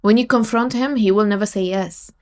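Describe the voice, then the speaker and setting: A woman comments in a firm, preachy tone, driving her points home by repeating them. Her voice is mid-pitched and measured. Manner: preachy, emphatic, repeats advice. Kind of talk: advice commentary.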